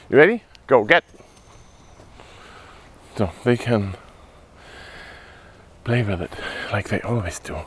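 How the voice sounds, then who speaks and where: A man filming a casual dog-training vlog outdoors, giving short firm commands between relaxed asides. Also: fairly low pitch, takes it slowly, vocal fry, pauses often, slightly rough.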